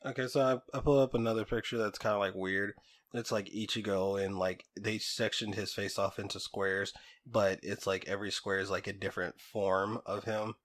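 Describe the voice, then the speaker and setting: A man's voice: fairly low pitch, brisk. A young man co-hosting a casual podcast, talking animatedly about anime villains and often laughing. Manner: animated, laughs often, does silly impressions. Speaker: podcast co-host. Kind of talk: casual chat.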